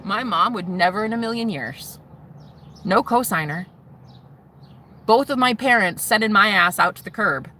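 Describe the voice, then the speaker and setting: A woman speaks from inside a car, telling her own story in a candid vlog. Her voice is bright and sharp, and her telling is blunt and profane, driving points home by repeating them. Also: medium pitch, moderate pace, pauses often. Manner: blunt and profane, emphatic repetitions. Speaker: vlogger.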